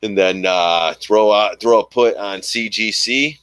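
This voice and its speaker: A stock trading streamer gives casual live commentary on his trades, rambling and thinking aloud to his viewers. His voice sits on the low side, unhurried and a bit bright, with a clean tone and no room sound.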